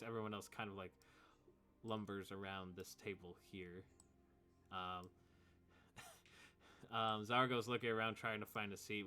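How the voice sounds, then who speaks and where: A man game master narrating a tabletop session in a loose, rambling way, dropping quick "boom" and "wabam" interjections. His voice sits fairly low with a bright, forward tone. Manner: casual, rambling, sound-effect interjections.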